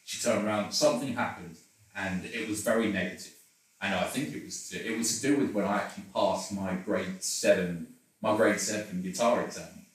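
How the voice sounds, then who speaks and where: Man, interview guest, rambling and self-deprecating, somewhat low voice, distant mic in a roomy space. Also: moderate pace. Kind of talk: candid personal conversation.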